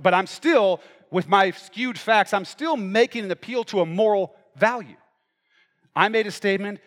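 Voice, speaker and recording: A man's voice: high-pitched, fairly bright tone, long reverb tail. A male pastor preaching a sermon in a casual, conversational way, often checking in with the crowd by asking "right?" and "okay?".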